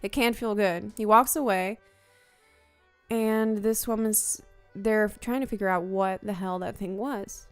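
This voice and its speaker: A woman streamer giving unscripted, wry and playful commentary while touring a game world, cracking deadpan jokes. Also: medium pitch, a little slow, soft background music.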